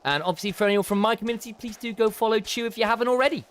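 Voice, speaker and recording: A man's voice: sits high, rapid-fire, fairly bright tone. Jokey streamer guy. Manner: jokey, rambling, laughs often. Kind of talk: casual gameplay stream chat.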